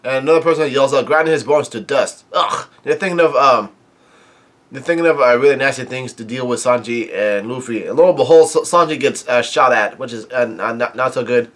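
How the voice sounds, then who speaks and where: Halting man recapping a comic. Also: medium pitch, a bit bright. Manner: halting, many fillers and restarts. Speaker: manga reviewer. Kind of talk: casual recap of a comic chapter.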